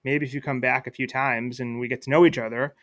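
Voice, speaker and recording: A man voicing a big, lonely, friendly whale in a spoken children's story, in a gentle storytelling voice. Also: mid-range voice, steady tone, fast, close to an everyday voice.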